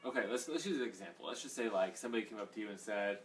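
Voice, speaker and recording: A man's voice: lowish voice, lively intonation, rapid-fire, hardly any pauses, recorded from a distance. A man leading a casual Bible study, rambling and conversational, with plenty of fillers. He sits a little away from the mic, and faint noise hangs in the background.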